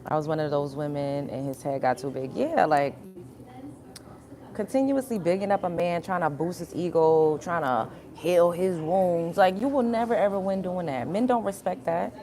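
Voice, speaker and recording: A young woman with a slightly low voice rants casually to her livestream audience. She is blunt and emphatic, swears freely, and keeps circling back to her point while speaking straight to the viewers. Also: normal speed, mellow, faint music behind. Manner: repetitive, addresses viewers directly. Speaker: livestream host.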